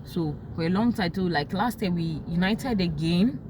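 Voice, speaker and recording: A young Nigerian woman with a Nigerian accent talking about her life in casual storytelling, emotional and quick to act out what others said. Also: fairly low pitch, background noise. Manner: emotional, animated, quotes others in sharp raised tones.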